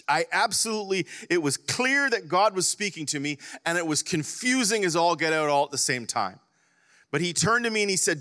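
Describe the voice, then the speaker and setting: A man preaching a sermon as a pastor, impassioned, rising to loud emphasis and dropping to hushed near-whispers. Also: fairly high pitch. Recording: reverberant hall.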